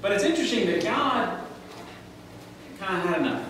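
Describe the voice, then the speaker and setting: A man's voice: high voice, big pitch swings, moderate pace, background noise. A man preaching a sermon as pastor, conversational and joking, reading scripture aloud in a church. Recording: echoey church hall, voice from far off.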